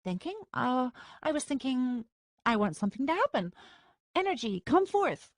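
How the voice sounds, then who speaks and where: A woman's voice: high-pitched, very animated, moderate pace, dry recording, clean studio sound, pitched above the performer's own voice. A woman doing an eager, flustered young heroine. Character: young woman learning magic, earnest.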